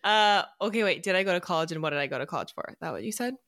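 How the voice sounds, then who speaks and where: A young woman with a fairly low voice, talking about herself in a relaxed podcast chat. She rambles openly and giggles, and the sound is dry and close. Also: rapid-fire, no room sound. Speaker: podcast co-host, interviewee. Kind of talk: casual chat.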